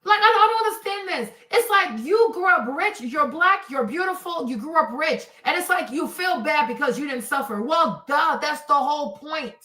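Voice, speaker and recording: A woman hosting a stream, ranting in an animated, exasperated way, swearing freely and sometimes breaking into shouts. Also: high-pitched, distant mic. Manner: bursts into shouts. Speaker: host. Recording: echoey room, off the mic.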